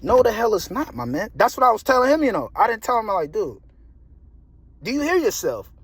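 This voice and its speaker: Young guy, high voice, slangy animated story rant, dry close sound. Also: fast talker, slightly rough, no room sound. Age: young adult. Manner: animated, slangy, repeats himself, laughs often. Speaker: vlogger. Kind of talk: casual storytelling monologue.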